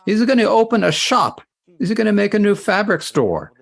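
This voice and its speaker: A man's voice: fairly low pitch, huge pitch swings, fast, slightly rough, full character voice. A man voicing an angry ancient king who scolds with indignant rhetorical questions. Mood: scolding. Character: irritated ancient male Indian king, scolding.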